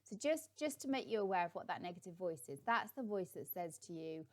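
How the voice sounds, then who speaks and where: Lady life coach chatting thru a visualisation exercise, lots of ums, kinda low voice. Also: lively intonation, brisk. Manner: chatty, encouraging, many ums. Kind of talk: guided visualisation tip to camera.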